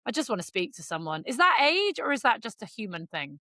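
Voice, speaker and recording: A woman's voice: on the high side, sing-song, a little fast, bright, forceful tone, dry recording, studio quality. Blunt woman ranting on a podcast. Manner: blunt, ranting, swears freely. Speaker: podcast co-host. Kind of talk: casual podcast chat.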